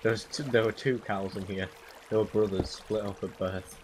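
A man's voice: lowish voice, steady tone, normal speed. A young man co-playing a game, laid-back, with dry teasing remarks, over a noisy voice-chat mic. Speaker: co-player. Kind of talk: casual gameplay chat.

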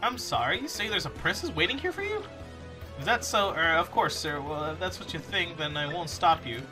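A man's voice: a little high, sing-song, brisk, music in the background. A man doing a courteous, raised-voice sailor. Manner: courteous, formal, keeps saying sir.

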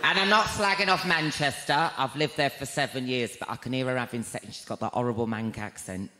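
A man doing a gossipy, camp stand-up routine, his voice jumping to high shrieks. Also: a little fast, slight background noise. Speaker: stand-up comedian. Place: large arena before a live crowd. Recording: echoey arena, loud crowd laughter. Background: audience laughter.

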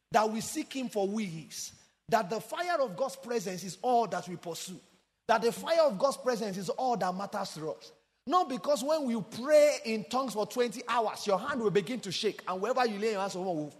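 A man preaching a sermon with passion, swinging from sung, shouted emphasis down to quiet low asides. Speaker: pastor. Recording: long hall reverb.

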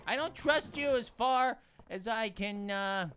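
A man's voice: high voice, measured pace, fairly bright tone, slight background noise. A man hosting a gaming channel, giving goofy let's-play commentary full of puns and talking to the characters on screen. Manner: punning, jokey, talks to game characters. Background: game music.

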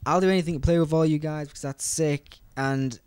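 Young British male gaming commentator, fast and rambling, smooth slightly high voice, dry close mic. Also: steady tone, darkish tone, dry recording. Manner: fast, rambling, chatty, addresses viewers directly. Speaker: gaming YouTuber. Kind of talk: gameplay commentary.

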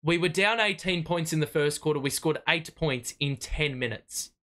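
A young man does live fan play-by-play, his slightly high voice bright and forceful. He is excitable and exasperated, and he swears freely at his own team. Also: moderate pace. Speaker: fan watch-party host.

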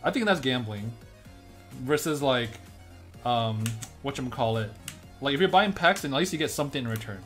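A man's voice: medium pitch, animated, brisk, a bit bright, faint music behind. A man hosting a livestream, chatting casually and joking as he opens card packs and thanks viewers by name.

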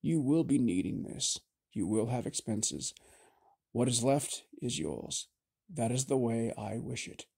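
A man doing a calm old wizard. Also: medium pitch, gravelly, husky. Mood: reassuring. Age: older. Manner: calm, measured and reassuring. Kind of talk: audiobook character voice.

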